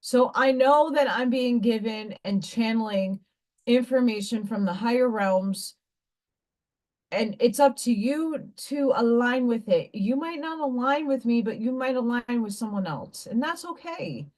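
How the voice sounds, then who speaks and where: High-voiced casual woman livestreamer. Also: expressive, a little slow, darkish tone. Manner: rambling, candid, swears casually; reads card messages aloud between chat. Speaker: livestream host reading oracle cards.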